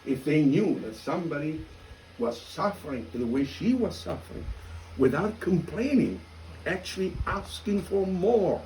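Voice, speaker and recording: A man with an Italian accent, a priest telling a story in a lively, self-mocking way and acting out the dialogue. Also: fairly high pitch, measured pace, slight background noise, rough recording. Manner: animated, self-mocking storyteller who acts out quoted dialogue. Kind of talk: storytelling talk.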